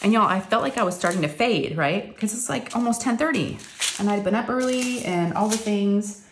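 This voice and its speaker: A woman's voice: mid-range voice, normal speed, background noise. A woman, chatting casually to her viewers in a rambling story told with lots of fillers. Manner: rambling, addresses viewers as y'all, uses many fillers. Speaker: crafting channel host.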